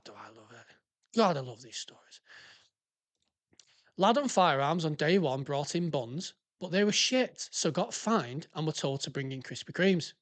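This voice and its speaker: Fairly high and fairly bright, the man's voice carries a blunt, sweary rant as he hosts a podcast. Once a police officer, he responds to listener stories with heated, casual remarks.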